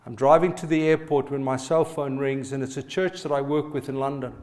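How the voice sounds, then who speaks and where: Brisk and steady, with medium pitch and a darkish tone, this middle-aged pastor shares personal stories from the pulpit. He repeatedly calls on the congregation to respond.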